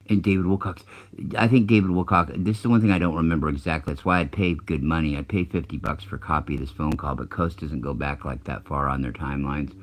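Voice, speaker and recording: Very deep-voiced man telling a rambling story. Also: fairly even intonation, fast talker. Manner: rambling, profane, self-interrupting. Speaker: channel host. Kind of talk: casual storytelling.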